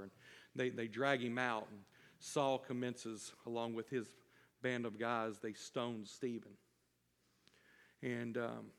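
A man's voice: medium pitch, in a large hall. A man preaching a sermon to his congregation, reading scripture and stretching out key phrases with rising emphasis. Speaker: pastor.

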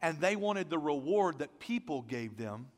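A man preaching a sermon as pastor, energetic and conversational, with self-deprecating asides, and without a deep voice. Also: moderate pace, long reverb tail. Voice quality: not a deep voice.

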